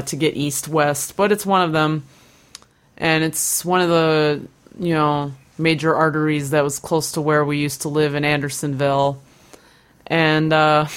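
A woman co-hosting a podcast, telling a story casually with many fillers and giggles. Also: low voice. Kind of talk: casual chat.

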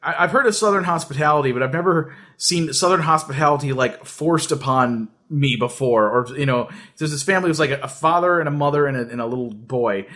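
A man on a casual podcast tells a travel story in a voice set somewhat higher than most men's. He rambles, stops and restarts his sentences, and throws in jokes along the way. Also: a little fast, few pauses, fairly bright tone. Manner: rambling, full of fillers and restarts, joking. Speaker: podcast host.

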